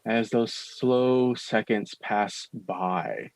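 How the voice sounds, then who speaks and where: A man's voice: on the low side, dry recording. Dry-voiced man narrating a horror game. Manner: slow, suspenseful scene description with casual asides. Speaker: dungeon master.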